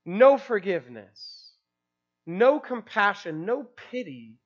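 Preacher, expository sermon, rhetorical questions, casual fillers, mid-pitched voice, dull lo-fi recording. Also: sing-song, slow.

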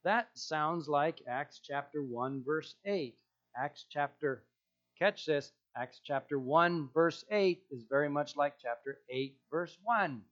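A male pastor preaching with emphasis, returning again and again to his key phrases. His voice sits fairly high. The recording sounds dull and lo-fi. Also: slow, a bit bright. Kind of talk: sermon.

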